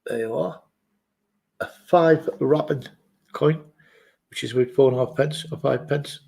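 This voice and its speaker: Man, gravelly voice, rambling jokey chat, muttered asides, at his desk. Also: mid-range voice, measured pace, a little mellow, rough recording. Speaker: vlogger. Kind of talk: casual rambling chat to camera. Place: his office, indoors.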